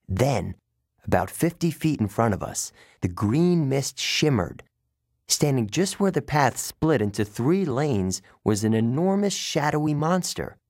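A man narrating a first-person story as an audiobook reader, in an expressive storytelling manner. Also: mid-range voice, no echo, studio quality.

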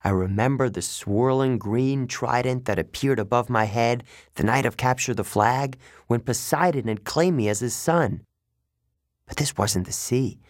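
A man reading a first-person story aloud as an audiobook narrator, with tense, steady storytelling. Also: mid-range voice, unhurried, no room sound, clean studio sound.

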